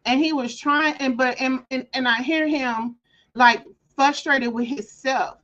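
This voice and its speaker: A woman's voice: sits high, fairly even intonation, measured pace, fairly bright tone, muffled recording. A woman hosting a casual craft livestream, chatting and telling stories, sometimes acting out voices. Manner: chatty storyteller, acts out callers' voices. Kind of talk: casual chat.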